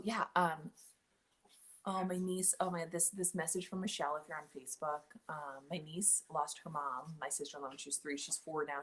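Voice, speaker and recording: Woman in her late thirties, casual home livestream, rambling chat, low pitch, sharp bright tone. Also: slight background noise. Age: late 30s. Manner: rambling, chatty, easily sidetracked. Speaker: podcast host.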